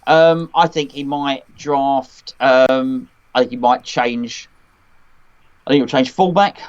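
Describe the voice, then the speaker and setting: A man's voice: mid-range voice, slow, clear, resonant tone. A man co-hosting a casual football podcast, talking hesitantly with many restarts. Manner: hesitant, full of restarts and ums. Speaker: co-host. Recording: dull lo-fi audio.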